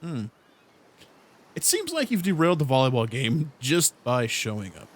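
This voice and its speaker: A man's voice: medium pitch, wildly swooping pitch, moderate pace, soft background music. A young man hosting a let's play, reading the game's text aloud with jokes and laughing often. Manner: playful, laughs between lines.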